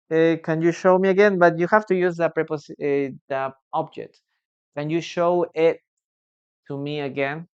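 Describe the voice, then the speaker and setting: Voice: mid-range voice, clear, resonant tone, muffled recording. An English teacher giving a live online lesson, reading out student sentences and patiently correcting them, often ending with a questioning "no?". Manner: ends points with a questioning "no?".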